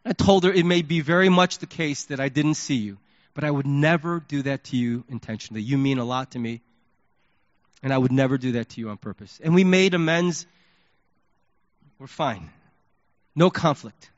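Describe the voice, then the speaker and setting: A male pastor preaching a sermon, telling stories in an animated way and acting out his own thoughts. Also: mid-range voice, moderate pace, long pauses, no echo. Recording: dull lo-fi sermon recording.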